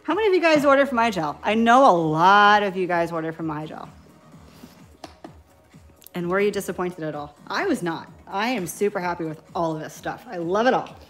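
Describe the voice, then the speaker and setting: A woman's voice: lowish voice, expressive, a little fast. Picture a scattered, giggly woman in her thirties with a New York accent, talking live to her viewers while she paints nail swatches. She's a little tipsy from wine and keeps losing her train of thought. Faint music plays behind her. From New York, Long Island. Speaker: nail beauty YouTuber. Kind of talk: casual live stream chat while swatching.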